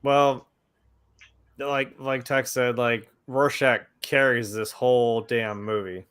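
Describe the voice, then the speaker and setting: Casting note: excited male podcast co-host, loose and casual, mid-pitched. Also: slow, clean tone. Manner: enthusiastic, swears casually, says "like" a lot. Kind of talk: casual chat.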